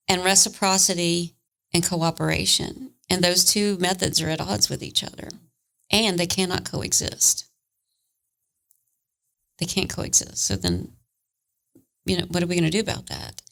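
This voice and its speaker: A woman's voice: fairly low pitch, creaky, a bit bright. A woman co-hosting a podcast, speaking in a passionate and reflective way. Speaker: podcast co-host. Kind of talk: casual conversation.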